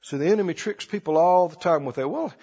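A man preaching a sermon emphatically, his voice rising to loud declarations and dropping low again. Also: fast, slightly rough. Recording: dull recording in a large reverberant hall.

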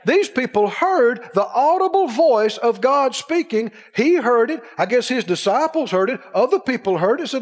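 Male preacher, animated sermon, high voice, swooping delivery, reverberant hall. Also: normal speed, hardly any pauses. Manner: animated, acts out quoted voices, rhetorical questions.

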